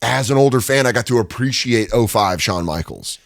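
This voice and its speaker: A man telling stories as a guest in a studio interview, chatty and animated, acting out the people he quotes. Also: a little fast, gravelly, no echo. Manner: animated, chatty, acts out quotes with lots of pitch swings. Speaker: guest, stand-up comedian. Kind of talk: casual storytelling in an interview. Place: podcast studio.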